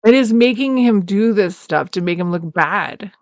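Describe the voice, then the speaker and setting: A woman's voice: mid-range voice, normal speed, no echo. Give me a chatty woman podcast co-host, dry-sounding. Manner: animated, mimics characters in quotes. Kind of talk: casual chat recapping a TV episode.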